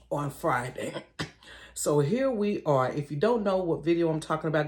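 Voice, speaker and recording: Middle-aged woman vlogger, casual storytime, animated and chatty, talks straight to her viewers. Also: deep voice. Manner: animated, slangy, keeps addressing listeners directly. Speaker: vlogger telling a personal story. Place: bedroom.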